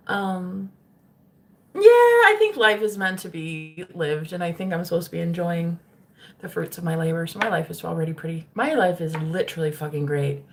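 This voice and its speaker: This spiritual streamer speaks with a fairly low pitch and vocal fry. Addressing her stream casually, the young woman chats away, cursing freely and laughing a lot.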